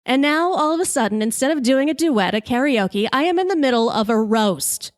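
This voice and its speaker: Brash host, female, comic storyteller, bright voice, dry close mic. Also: high voice, brisk, no echo. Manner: lively, brash, swears freely. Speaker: podcast host.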